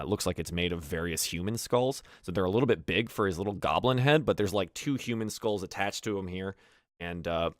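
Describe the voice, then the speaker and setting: A man's voice: sits low, no room sound, clean studio sound. A man narrating a tabletop game as game master, describing scenes casually with many fillers.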